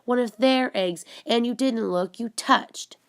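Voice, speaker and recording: A woman voicing an excited, bossy girl who speaks emphatically, a little higher than her narration. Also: unhurried, clean tone. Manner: emphatic, exclaiming.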